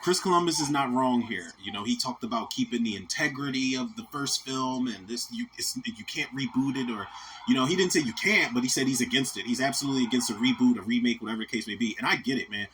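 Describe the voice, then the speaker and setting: A man's voice: medium pitch, animated, quick pace, a bit bright, a little hiss or hum. A man in his thirties, hosting a podcast and giving a casual, rambling, profane movie rant that keeps coming back to "man". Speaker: podcast host.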